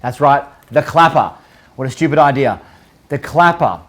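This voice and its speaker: Energetic jokey male show host. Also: mid-range voice, normal speed. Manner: energetic, jokey countdown, rhetorical questions, occasional swearing. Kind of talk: live online show, casual chat.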